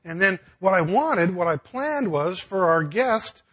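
A man delivering a sermon in a relaxed, conversational manner, full of folksy asides and quick restarts. His voice sits fairly high for a man and has a husky edge. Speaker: pastor.

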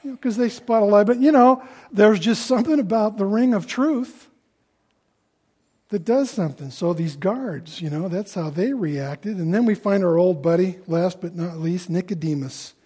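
A man preaching a sermon in a conversational way, acting out the people he quotes in louder voices. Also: high-pitched, moderate pace, husky. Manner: conversational, acts out quoted voices with rising loudness.

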